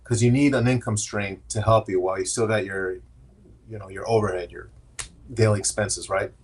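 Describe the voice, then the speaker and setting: A man's voice: lowish voice, steady tone, normal speed, slightly rough. Earnest man telling his story. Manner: earnest, candid, acts out quotes in his stories. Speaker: guest, AI strategist. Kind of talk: conversational interview storytelling.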